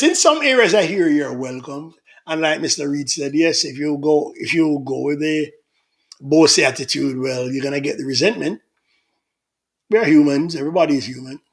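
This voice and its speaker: A middle-aged man hosting a casual livestream, reading out viewer comments in a chatty, teasing manner. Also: a little high. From Jamaica. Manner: chatty, teasing, laughs often.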